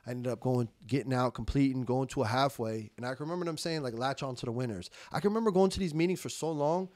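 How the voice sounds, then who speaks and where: A young adult man, a podcast guest, tells his recovery story candidly in conversation, emphatic and slangy, swearing in street slang, repeating words and quoting himself. His voice is medium-pitched, quick and a little mellow, with no echo.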